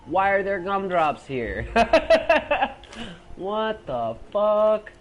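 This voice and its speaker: A man's voice: sits high, very animated, extremely slow, lo-fi sound, a little hiss or hum. A young man giving casual gameplay commentary as he plays, swearing a lot and shrieking when he is startled. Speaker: gaming video host.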